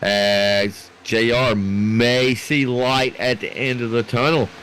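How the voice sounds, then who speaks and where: A man gives live play-by-play commentary for a sim racing league, excitable and rambling, and chats with his producer on air. His mid-range voice is smooth and he speaks slowly.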